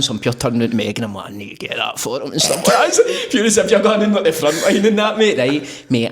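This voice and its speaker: A man with a Glaswegian accent hosting a podcast, full of matey banter and quick to laugh. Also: medium pitch. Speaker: podcast host. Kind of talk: casual chat.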